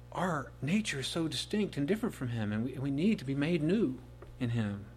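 A man preaching a sermon, rising to loud emphatic peaks and dropping to soft, slow asides on key phrases. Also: mid-range voice, slightly rough. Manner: slows right down to dwell on key phrases.

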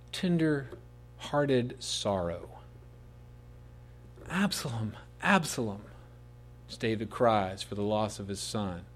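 A man preaching a sermon, rising to loud emphatic peaks and dropping to soft, slow asides on key phrases. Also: mid-range voice, slight background noise. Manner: slows right down to dwell on key phrases.

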